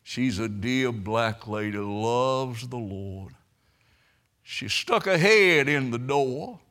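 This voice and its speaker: A man preaching a sermon, telling stories and swelling into loud, emphatic preaching. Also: medium pitch, lively intonation, takes it slowly.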